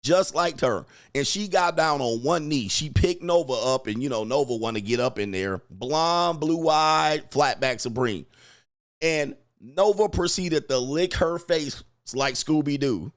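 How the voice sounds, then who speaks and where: A man's voice: on the high side, measured pace. A man coaching and commenting on clips in a crude, mocking way, laughing often. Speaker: dating coach.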